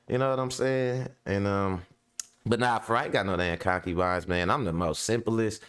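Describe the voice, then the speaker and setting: Laid-back slangy man with a smooth low voice. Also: normal speed. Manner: laid-back, slangy, laughs often, repeats "you know what I'm saying". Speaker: show host. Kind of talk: casual monologue to a live audience.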